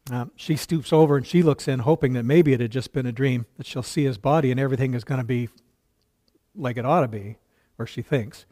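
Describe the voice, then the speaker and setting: A man's voice: mid-range voice, brisk, dark tone. A male pastor preaching a sermon, retelling a story earnestly with quoted dialogue and occasional stumbles.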